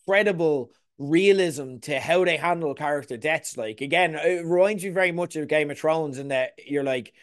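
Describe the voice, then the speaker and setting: A young man co-hosting a podcast, chatting casually and rambling through TV reviews with lots of fillers. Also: fairly high pitch. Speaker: podcast co-host.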